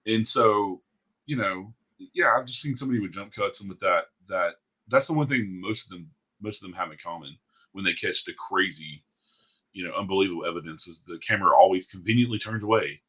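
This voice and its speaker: A man hosting a podcast, ranting in casual chat with blunt, profane energy. His voice is husky and sits fairly low, and the words come out at a rapid clip. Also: pushed and bright. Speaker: podcast host.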